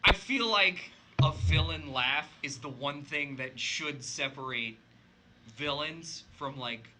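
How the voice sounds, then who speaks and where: Very bright-voiced reluctant male guest. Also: fairly high pitch, takes it slowly, slight background noise. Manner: reluctant, argumentative. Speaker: podcast guest. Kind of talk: casual chat.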